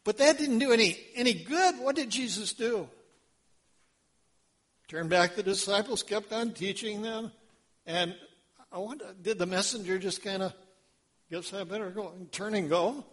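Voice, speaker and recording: A male pastor preaching a sermon, telling a story in an animated way, acting out voices and quizzing the congregation. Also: high-pitched, normal speed.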